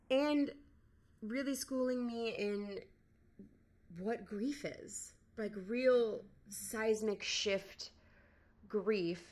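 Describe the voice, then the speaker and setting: Woman guest, podcast interview, reflective, candid, hesitant restarts, mid-pitched voice. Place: in-person studio interview.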